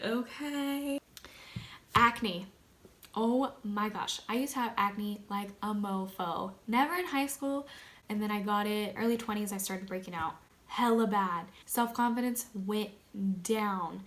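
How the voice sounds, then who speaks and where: A young woman vlogging casually to camera, chatty and slangy, talking straight to her viewers. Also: medium pitch. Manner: chatty, slangy, animated, addresses viewers as "you guys". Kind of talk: casual direct-to-camera vlog.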